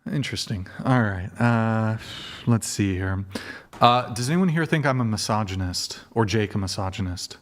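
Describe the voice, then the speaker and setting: Crude joking male host. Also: on the low side. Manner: crude, joking, quick restarts. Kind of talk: provocative panel chat.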